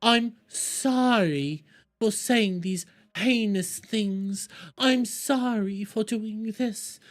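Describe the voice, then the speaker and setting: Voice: mid-range voice, drawn-out words, pitched above the performer's own voice. Brief: a streamer putting on a sing-song, groveling young pundit. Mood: mock groveling.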